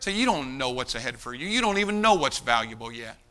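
A man's voice: medium pitch, very animated, fast talker, sharp tone. A man preaching a sermon, emphatic, calling out to the congregation and addressing people by name. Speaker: pastor.

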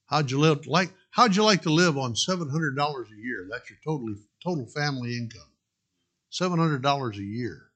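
A man's voice: mid-range voice, expressive, fairly quick, fairly bright tone. A man preaching a sermon, earnestly exhorting the congregation and telling a parable. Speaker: pastor.

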